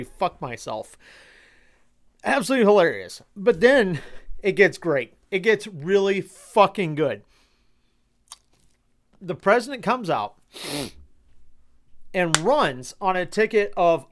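A man with a slightly higher voice runs a loose podcast monologue. He rambles through plenty of fillers and restarts, swears casually and lets sarcasm color his talk. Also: very animated, slow, pauses often, fairly bright tone. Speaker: podcast host.

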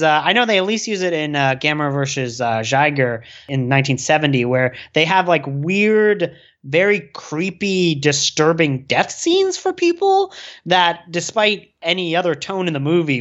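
Brief: enthusiastic co-host, casual film chat, dull lo-fi audio. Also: medium pitch. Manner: enthusiastic, animated, with fillers.

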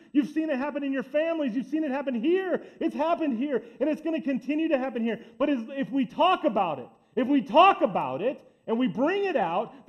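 A man with a fairly high voice preaches a sermon, stacking repeated phrases to drive each point home. The recording is dull and lo-fi, as if taped in church. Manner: emphatic, repetitive build-ups. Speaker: pastor.

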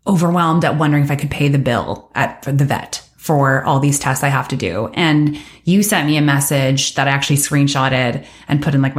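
A woman hosting a podcast, talking casually and effusively, with an occasional swear word. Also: low-pitched.

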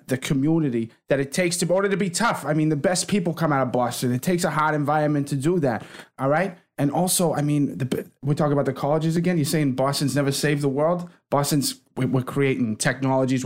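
A man in a comedy debate, arguing brashly and combatively for his side and calling people sweetheart. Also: mid-range voice. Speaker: debater for Boston.

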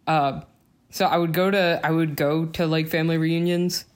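A young adult podcast co-host chatting casually, joking and swearing freely through family stories. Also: female voice, low-pitched, steady tone, normal speed. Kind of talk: casual chat.

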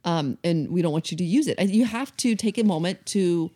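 Female co-host, low-ish voice, earnest and advising. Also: lively intonation, brisk, mellow. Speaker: podcast co-host, mother. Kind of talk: casual chat.

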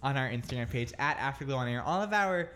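A man's voice: mid-range voice, lively intonation, fast, a bit bright. A man co-hosting a radio show in casual banter, rambling and hesitant with many ums.

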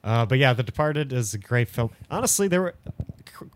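A man's voice: mid-range voice, animated, fairly quick, no echo. A young man co-hosting a casual podcast, rambling with many fillers and frequent laughs. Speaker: podcast co-host. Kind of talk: casual chat.

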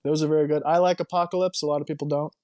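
A man's voice: fairly high pitch, little pitch movement, rapid-fire, dark tone, no room sound, studio quality. A man co-hosting a casual movie podcast, rambling and emphatic, with lots of restarts and strong opinions. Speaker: podcast co-host.

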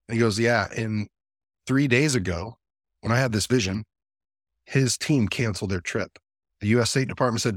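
A man's voice: lowish voice, a little fast, no room sound, clean studio sound. A man, a podcast guest, telling a personal story in a casual, earnest way and acting out the voices of the people he quotes. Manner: earnest and animated, acts out quoted dialogue.

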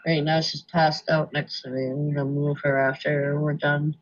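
Co-hosting a podcast, a New Hampshire woman speaks frankly, swearing casually along the way. She has a low voice with little pitch movement at normal speed, and the recording's highs are cut off.

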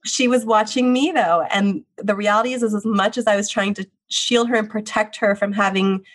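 A woman's voice: mid-range voice, fairly even intonation, moderate pace. Earnest widowed mother talking openly. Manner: earnest, open, repeats phrases like "the reality is". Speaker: children's book author and widowed mother. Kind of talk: heartfelt interview answers.

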